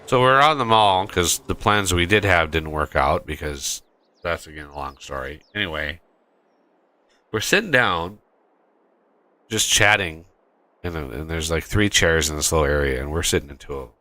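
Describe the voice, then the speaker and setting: Lively, bright-voiced man telling a rambling story. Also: very deep voice, moderate pace, no echo. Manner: rambling storyteller, stumbling restarts. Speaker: gaming channel host. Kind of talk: casual chat while playing a game.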